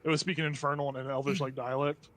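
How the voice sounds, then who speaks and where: A man's voice: medium pitch, level tone, fast, fairly bright tone. A man narrating as game master of a tabletop game in a loose, joking way.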